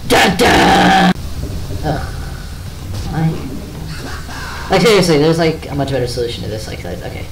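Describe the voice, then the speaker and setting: Cursing gamer, echoey and distant. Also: male voice, a little high, wildly swooping pitch, normal speed, gravelly, long pauses, background noise. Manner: frantic cursing and groaning while playing. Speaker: gameplay commentator. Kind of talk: let's play commentary.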